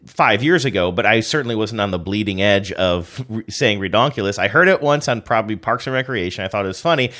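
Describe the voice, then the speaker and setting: A man's voice: lowish voice, fast, hardly any pauses, bright, forceful tone. A man in his forties co-hosting a chat show, joking at his own expense. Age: 40s. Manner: self-deprecating, chatty. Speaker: podcast co-host. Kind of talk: casual chat.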